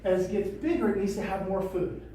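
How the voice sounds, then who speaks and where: A woman trainer telling a story at a training session, animated and repeating phrases. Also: mid-range voice, brisk, slight background noise. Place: training room. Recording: echoey room from a distance.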